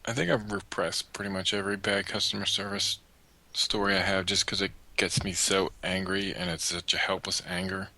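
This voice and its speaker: A man's voice: low-pitched, level tone, moderate pace, bright, forceful tone. A man co-hosting a casual podcast, cutting in with dry wisecracks. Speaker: podcast co-host.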